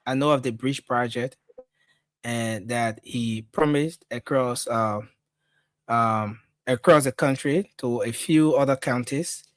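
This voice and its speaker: A man's voice: mid-range voice, slow, no room sound. Hesitant man giving careful answers. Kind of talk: casual political talk show.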